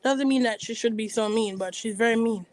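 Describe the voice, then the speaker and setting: Gossipy woman with a higher-pitched voice. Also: brisk, darkish tone, dry recording, low-quality recording. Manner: rambling, gossipy, frequent restarts. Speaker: reality TV recap vlogger. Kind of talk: casual chatty commentary.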